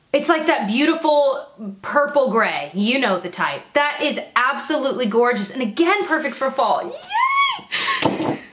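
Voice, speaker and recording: A woman vlogging as she opens mail, gushing and excitable and laughing often; she works as a teacher. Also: high voice, normal speed. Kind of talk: casual unboxing chat. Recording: echoey room, faint noise.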